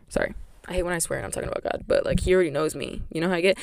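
A young woman with a slightly low voice talks straight into a close mic. She is candid, chatty and emphatic, leaning on "like" as she goes. The sound is dry, with no room around her. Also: very fast, vocal fry, dry recording. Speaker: podcast host. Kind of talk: personal faith podcast monologue.

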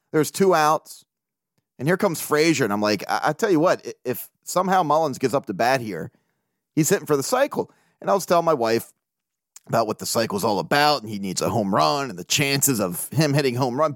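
A man hosting a casual sports talk podcast, animated and profane, laughing often as he rants. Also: medium pitch, no echo, studio quality. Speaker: podcast host.

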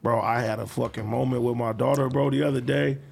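A man in his thirties telling a profane, animated story about his daughter in casual chat, laughing as he goes. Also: medium pitch, brisk, gravelly, a little hiss or hum.

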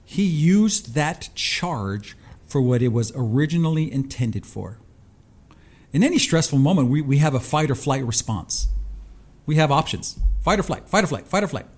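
A man tells a personal story as host of a talk show, with a voice pitched a little high. His delivery swings up and down and stays expressive. He acts out the voices of the people in the story as he goes. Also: normal speed. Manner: lively, expressive.

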